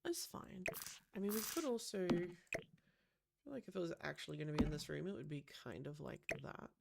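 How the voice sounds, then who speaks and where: Chatty woman with a gravelly edge. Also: deep voice, animated, fairly quick, heavy background noise. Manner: chatty, lots of "um" and gasps. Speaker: Sims builder. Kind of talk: casual gameplay commentary.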